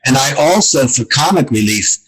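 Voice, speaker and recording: A man's voice: medium pitch, animated, moderate pace, a bit bright, husky, poor audio. A man talking casually as a podcast guest, often stammering and repeating his words. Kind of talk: casual interview chat. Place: Austin, Texas.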